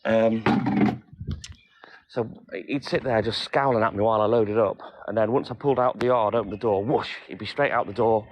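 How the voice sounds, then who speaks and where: A livestream host from North Wales, speaking with a North Welsh accent, chats casually and wryly with viewers, answering them by name. His voice sits fairly low and moves at a moderate pace, and the lo-fi audio carries a noisy background.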